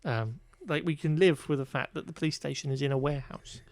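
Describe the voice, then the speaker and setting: Reviewing a film on a laid-back podcast, this co-host recaps the plot with wry exasperation and plenty of filler words. He speaks quickly in a slightly high, somewhat mellow voice.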